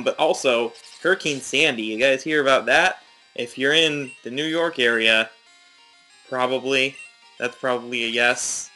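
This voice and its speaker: A man's voice: mid-range voice, pushed and bright, rough recording. A young man giving rambling, chatty, self-mocking commentary while he plays a game. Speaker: let's play host. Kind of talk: casual gameplay commentary.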